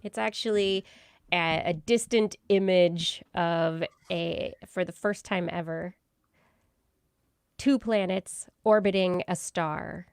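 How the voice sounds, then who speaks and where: A woman hosts a science podcast, talking through research in a relaxed, chatty manner. Her voice sits a little low, and the recording is dry with no room sound. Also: takes it slowly, smooth, no room sound. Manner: explains research in a loose, chatty way with laughs. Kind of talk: casual science chat.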